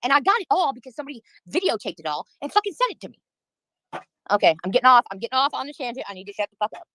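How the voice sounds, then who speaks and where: A woman's voice: sits high, sing-song, racing, bright, forceful tone, low-quality recording. A woman livestreaming, venting in a heated, profane rant while answering her chat.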